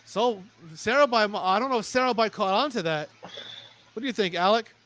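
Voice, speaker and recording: High, bright young man calling wrestling. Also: lively intonation. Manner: rapid, stumbling restarts, plugs sponsors. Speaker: play-by-play commentator. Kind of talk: excited wrestling commentary.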